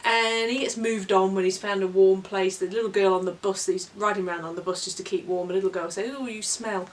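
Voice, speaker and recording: A woman's voice: medium pitch, fast talker. New woman reviewing books, slightly off-mic. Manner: expressive storyteller, dramatic when reading aloud. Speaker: book reviewer and co-host. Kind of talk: casual book review chat. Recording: voice a little far from the mic.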